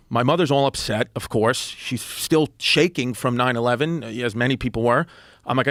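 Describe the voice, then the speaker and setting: A man's voice: medium pitch, dry recording, studio quality. A middle-aged man, telling a comic story on a podcast and acting out quotes. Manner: animated, fast storytelling with acted-out quotes. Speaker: comedian guest. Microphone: studio podcast microphone.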